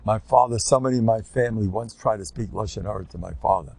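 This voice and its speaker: An older man giving an informal Torah lecture, animated, swinging between loud bursts and quiet asides and peppering his talk with Yiddish and Hebrew terms. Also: lowish voice, quick pace, vocal fry.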